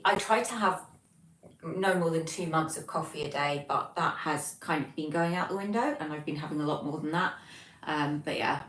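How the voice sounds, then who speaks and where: A woman's voice: deep voice, fairly bright tone. A British woman hosting a casual livestream chat. She greets viewers and reads their messages aloud, with plenty of ums. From Britain. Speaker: livestream host. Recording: roomy echo, distant mic.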